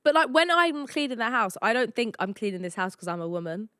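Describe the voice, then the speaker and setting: A woman's voice: fairly high pitch, fast talker, clean tone, dry recording. A woman co-hosting a podcast, chatting casually and teasing, close to a studio mic. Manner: chatty, teasing, lively retelling with acted quotes. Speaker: podcast co-host. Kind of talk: casual chat.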